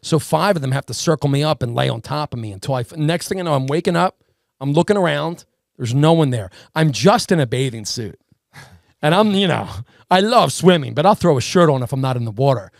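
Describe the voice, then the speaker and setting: A man with a gravelly, raised voice tells a story in casual podcast chat. He throws himself into it, acting out the other people's lines. The sound is dry and close, with no room around it. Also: on the high side, a little fast, no echo. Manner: animated storyteller, acts out voices in quotes. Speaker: podcast co-host.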